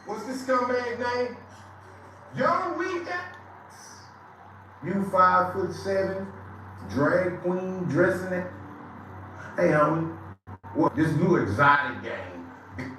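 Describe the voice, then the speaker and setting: High bright-voiced guy roasting someone loud, aave, way off mic in a super echoey room. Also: slow pace, long pauses, far from the mic, slight background noise. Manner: loud, animated, mocking. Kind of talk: casual livestream banter.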